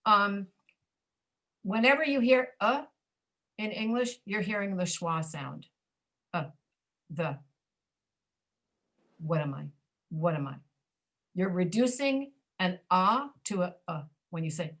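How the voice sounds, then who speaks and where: A woman's voice: mid-range voice, slow, pauses often, a bit bright. A woman teaching a pronunciation class over a video call, demonstrating reduced speech and often checking that students understand.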